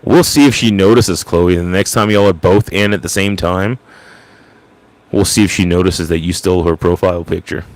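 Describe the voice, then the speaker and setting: Low-voiced joking livestream host. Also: male voice, steady tone, moderate pace. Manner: self-deprecating, jokey, rambling. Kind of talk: casual chat with live viewers.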